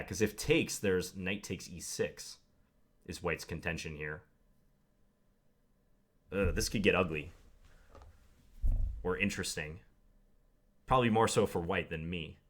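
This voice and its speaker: Thinking out loud as he plays, a young chess commentator narrates his own game live with wry jabs at himself. His voice is low-pitched with a fairly bright tone.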